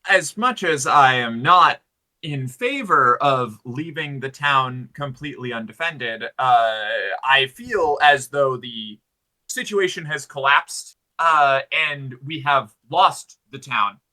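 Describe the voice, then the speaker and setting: A man's voice: mid-range voice, pushed and bright. A man playing a tabletop game who chats casually and stumbles over his words. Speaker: player. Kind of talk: casual chat.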